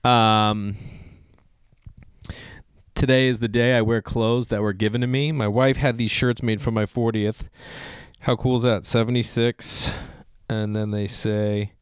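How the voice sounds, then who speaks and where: A man's voice: fairly low pitch, fairly even intonation, a little slow, smooth, no room sound. A man in his forties, a comedian hosting his own show, chatting casually and rambling from one joke to the next. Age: 40s. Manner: rambling, jokey, breaks into silly made-up songs. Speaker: comedian podcast host. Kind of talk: casual solo chat.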